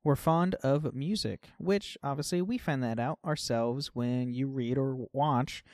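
Man, casual podcast chat, rambling with fillers, dry close mic, mid pitch. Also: unhurried, no room sound. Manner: chatty, fillers like "like", trails off softly. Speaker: podcast co-host. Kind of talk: casual chat about a video game.

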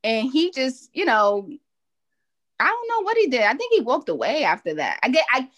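A woman co-hosting a casual podcast, telling a funny story with plenty of laughs. Her voice runs a little high and swings widely in pitch. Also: wildly swooping pitch, moderate pace, fairly bright tone. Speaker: podcast co-host.

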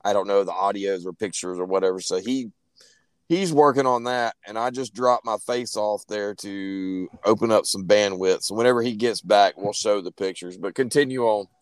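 A man hosting a casual podcast chat in a relaxed, open-minded way. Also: lowish voice, normal speed, no room sound. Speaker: podcast host.

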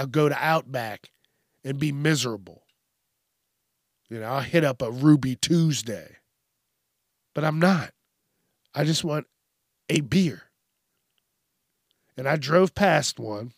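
A man hosts a solo podcast, launching into a casual, profane rant and briefly imitating other people. His voice is medium in pitch, captured as clean studio sound with no room echo.

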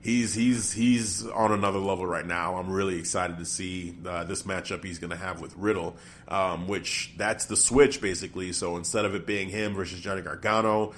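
A man with a fairly low voice talks through ideas in a loose, casual chat. He thinks aloud as he goes, trailing off and restarting his sentences before landing his point. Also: steady tone, normal speed, few pauses, fairly bright tone, slight background noise.

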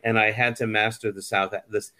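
A man's voice: on the low side, flat delivery, brisk, pushed and bright, a little hiss or hum. A man in his fifties, a theater director, chatting casually and telling anecdotes as a guest. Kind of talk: casual conversation.

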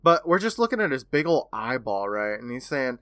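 A man's voice: medium pitch, sing-song, a little fast, a bit bright, dry recording, studio quality. A man in his thirties co-hosting a podcast, eagerly retelling an episode in casual chat and laughing often. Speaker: podcast co-host.

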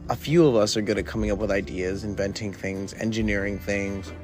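Faint music sits under this casual solo episode, where a young man hosts his podcast high on weed. His low voice has a darkish tone and fairly even intonation, and he moves briskly but loosely from one thought to the next, laid-back and full of filler.

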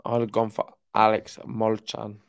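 A man's voice: fairly low pitch, completely flat delivery, measured pace, creaky, no room sound, clean studio sound. A man co-hosting a tennis podcast, laid-back and casual, reading out chat comments and correcting his own slips. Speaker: podcast co-host.

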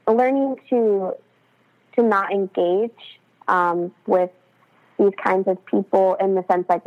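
A woman's voice: medium pitch, phone-quality sound. A woman speaking as a podcast guest, chatty and casual, filling her talk with "like" and "um". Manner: chatty, full of "like" and "um", laughs often. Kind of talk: casual interview chat.

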